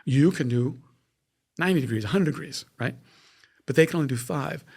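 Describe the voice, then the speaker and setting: A man with a gravelly, mid-range voice talks through a medical device in a relaxed interview. He explains with enthusiasm, restarting sentences and reaching for homely analogies. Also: medium pitch, a little fast. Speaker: neuroscientist guest. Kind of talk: casual explanatory interview talk.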